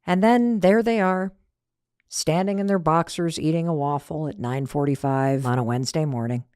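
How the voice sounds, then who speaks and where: A woman's voice: deep voice, normal speed, a little mellow, clean tone, no echo, studio quality. A middle-aged woman hosting a motivational podcast, talking in a conversational way and acting out the lines she quotes. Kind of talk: motivational talk.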